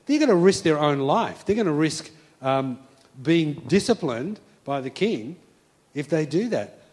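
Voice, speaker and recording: Young male preacher, high voice, animated storyteller; acts out the scenes. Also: unhurried, slightly rough. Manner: lively, acts out voices, casual phrasing.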